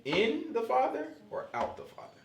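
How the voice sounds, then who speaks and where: Animated man leading a casual Bible study. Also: very high voice, moderate pace, creaky, echoey room, a little hiss or hum. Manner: animated, joking, conversational.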